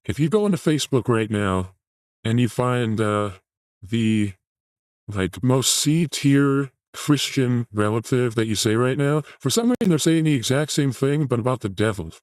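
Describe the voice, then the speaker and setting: Deadpan, sarcastic male comedy host. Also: medium pitch, normal speed, no echo, poor audio. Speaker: show host.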